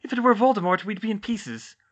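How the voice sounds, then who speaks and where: Man doing a dazed matter-of-fact teen girl, raised pitch. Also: brisk. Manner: absent, flat, matter-of-fact. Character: shaken, matter-of-fact teenage girl student. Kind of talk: audiobook character voice.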